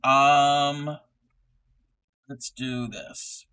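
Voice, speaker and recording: A man at a mid pitch hosts a crafting live stream and chats as he crochets. He rambles in a low-key, unhurried way, full of "um"s and restarts, and thanks his viewers one by one. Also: level tone, pushed and bright, clear, resonant tone, low-quality recording. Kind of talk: casual live-stream chat.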